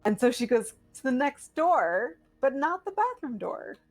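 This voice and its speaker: A woman's voice: sits high, sing-song, a little slow, no echo, faint music behind. Inquisitive woman playing a tabletop game. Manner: inquisitive, polite. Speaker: player.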